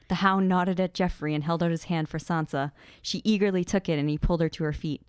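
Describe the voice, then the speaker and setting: A woman's voice: fairly low pitch, fairly even intonation, fast talker, few pauses, darkish tone, clear, resonant tone, dry recording, studio quality. A woman podcast co-host reading fan fiction aloud, often breaking into giggles.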